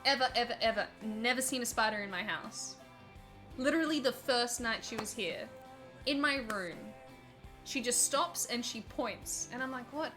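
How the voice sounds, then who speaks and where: A woman's voice: a little high, moderate pace, music in the background. Playful Australian woman streamer. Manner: playful, giggly, animated storytelling. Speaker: streamer, host. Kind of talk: casual gaming stream chat.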